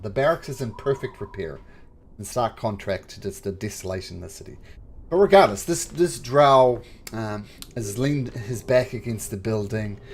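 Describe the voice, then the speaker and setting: A man narrating as game master, halting and full of fillers. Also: fairly low pitch, a little mellow.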